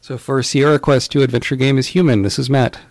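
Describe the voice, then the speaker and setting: Gravelly-voiced podcast co-host, dry close sound. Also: male voice, medium pitch, a little fast, dry recording. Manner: relaxed, rambling with many fillers. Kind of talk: casual chat.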